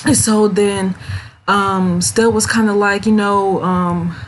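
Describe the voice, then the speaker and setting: A chatty woman recaps a series episode, giggling as she goes and slipping into playful voices for each character. Her pitch sits in an ordinary middle range, and a faint hiss runs under the recording. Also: fairly even intonation, slow. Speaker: series reviewer. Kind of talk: casual recap vlog.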